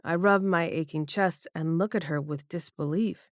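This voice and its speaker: A woman with a lowish voice narrating a romance audiobook in the first person. Her reading is intimate and expressive. The close studio mic leaves the sound fully dry. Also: moderate pace, no room sound.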